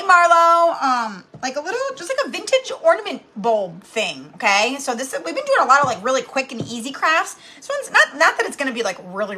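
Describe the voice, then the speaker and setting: A woman's voice: high-pitched, pushed and bright, slight background noise. A woman in her thirties hosting a live craft tutorial from home, chatty and bubbly, greeting viewers by name as she talks. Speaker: craft channel host.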